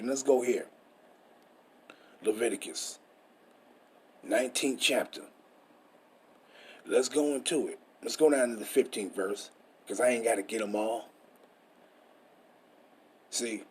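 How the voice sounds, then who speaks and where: Here a man's medium-pitched, slightly mellow voice carries a breathy edge. He delivers street-style scripture teaching in an emphatic, preachy manner, with plenty of rhetorical questions and cursing.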